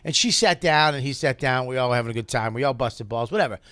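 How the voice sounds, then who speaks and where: A man's voice: mid-range voice, fast talker, clear, resonant tone, dry recording. A middle-aged male comedian telling a rowdy anecdote in a casual chat, acting out the people in it. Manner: lively anecdote-telling with acted-out quotes. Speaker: comedian guest.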